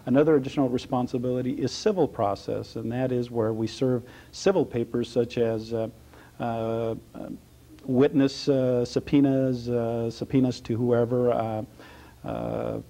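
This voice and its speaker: A middle-aged man with a slight Texas accent, a county sheriff giving halting, measured interview answers full of "uh" pauses. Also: mid-range voice, fairly even intonation, vocal fry, dark tone. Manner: halting, many uh fillers, measured.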